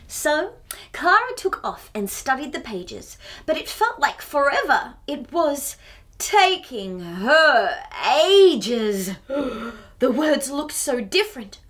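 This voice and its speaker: Animated woman reading a picture book. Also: high voice, takes it slowly. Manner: animated, chatty asides with gasps and giggles. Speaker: children's storyteller. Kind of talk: picture book read-aloud.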